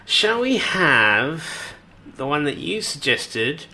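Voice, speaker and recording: A man's voice: fairly high pitch, very animated, slow, pushed and bright. A man co-hosting a radio show, chatting playfully in a rambling way full of fillers and hesitations. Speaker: radio co-host. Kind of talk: casual on-air chat.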